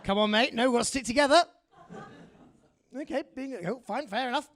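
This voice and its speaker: A man's voice: extremely high pitch, brisk, fairly bright tone. A man with a posh English accent performing a wry, self-mocking stand-up set on a comedy club stage. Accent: English upper-class. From England.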